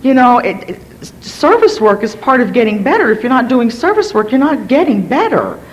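A woman from Virginia telling her recovery story to a gathering, energetic and hyper, rambling with many restarts and self-deprecating asides. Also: a little high, moderate pace, muffled recording, a little hiss or hum. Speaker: speaker sharing at a recovery gathering. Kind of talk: personal story told to a gathering.

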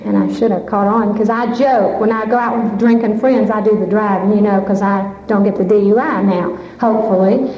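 A woman gives a halting, heartfelt personal testimony at a recovery fellowship meeting. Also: medium pitch, steady tone. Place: large meeting hall. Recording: echoey hall, muffled lo-fi sound, faint hiss.

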